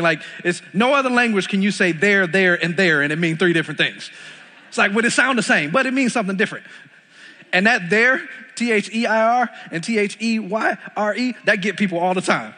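A young Texan man preaches from a church stage, his voice pitched high and bright. He drives points home by repeating them. His words ring out in a large hall's long reverb. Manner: emphatic, repeating lines for stress. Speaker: pastor. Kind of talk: sermon. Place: church sanctuary.

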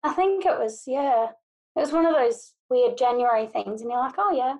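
A woman's voice: a little high, animated, normal speed, mellow. A woman co-hosting a podcast, chatting casually in an exasperated way and laughing easily. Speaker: podcast co-host.

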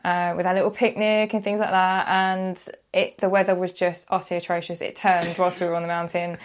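A woman, a freelance motoring journalist, telling a personal story in a casual podcast chat, animated and quick to act out what people said. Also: on the low side, smooth. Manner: animated storyteller, acts out quotes, laughs often.

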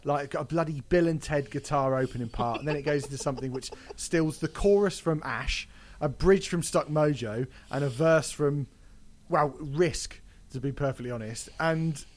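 A man's voice: a little high, normal speed. A man ranting in a casual podcast chat, swearing and breaking into mocking impressions. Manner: ranting, swearing, mock-sings.

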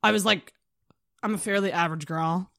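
A young woman in casual chat, lively and swearing casually. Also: on the low side, fairly quick, vocal fry, dry recording, clean studio sound.

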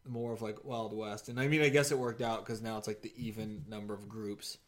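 A man's voice: fairly low pitch, little pitch movement, a little fast. A man co-hosting a casual chat who chimes in, agrees and laughs while recapping a TV episode. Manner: chiming in and agreeing, laughing at the story. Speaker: podcast co-host.

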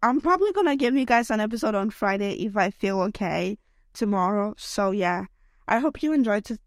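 A woman's voice: mid-range voice, animated, brisk, dry recording, studio quality. A young woman hosting a solo podcast rant while sick, her voice worn by illness, rambling and emotional with lots of "like" and "okay?". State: unwell, voice affected by illness. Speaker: podcast host.

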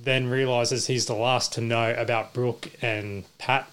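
Host briskly recapping a plot. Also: medium pitch, flat delivery, a bit bright, smooth. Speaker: podcast host. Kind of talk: casual chat, recapping an episode.

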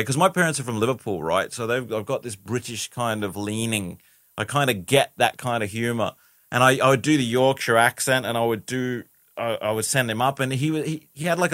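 A man's voice: mid-range voice, a bit bright, dry recording. Rambling man, dry sound. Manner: rambling, frequent restarts and "you know". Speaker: guest. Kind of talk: casual interview chat.

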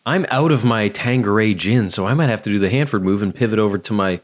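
A man's voice: on the low side, fast. A man in casual podcast chat, joking crudely and steering the show to the break. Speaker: podcast co-host.

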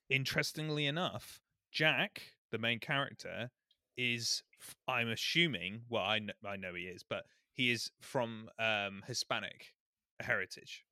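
A man on a podcast, chatting in an animated, mock-outraged way and acting out lines he quotes. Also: mid-range voice, dry recording, studio quality. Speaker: podcast co-host. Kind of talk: casual chat.

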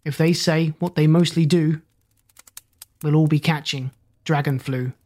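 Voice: medium pitch, fairly even intonation, measured pace, a little mellow, lightly acted. A reader doing a flustered gasping vet. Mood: urgent. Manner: gasping, urgent. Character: flustered vet with singed hair.

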